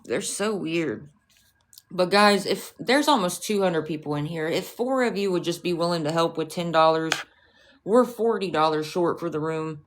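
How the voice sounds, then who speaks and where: Brief: woman streamer, lowish voice, swears freely, argues with her chat. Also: expressive, normal speed. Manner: profane, confrontational, scolding chat. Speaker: livestreamer. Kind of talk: casual livestream rant.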